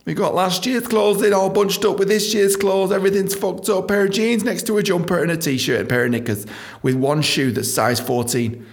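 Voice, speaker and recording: A man's voice: high-pitched, steady tone, a little fast. A male comedian, delivering a sweary, rambling comic monologue.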